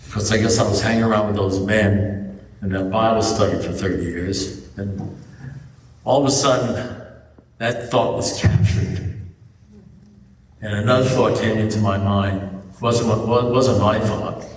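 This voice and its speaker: Male speaker at a recovery meeting, animated storyteller, recorded from afar with hall reverb. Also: on the low side, unhurried, long pauses. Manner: storytelling with animated quoted dialogue. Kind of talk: personal testimony talk. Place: church hall. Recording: echoey hall from far off. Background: faint audience laughter.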